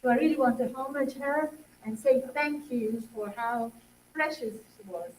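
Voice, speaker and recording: A woman's voice: on the high side, moderate pace, a little mellow, a little hiss or hum. Woman teacher, echoey and distant. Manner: earnest, praise in lists. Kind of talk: short tribute speech. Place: school assembly hall. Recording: echoey hall from far off.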